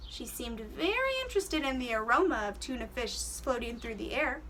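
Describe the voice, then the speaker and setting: A woman's voice: fairly high pitch, sing-song, normal speed, pushed and bright, far from the mic, a little hiss or hum. A woman teacher reading a children's storybook aloud, giving the characters voices and stopping to explain words to the kids.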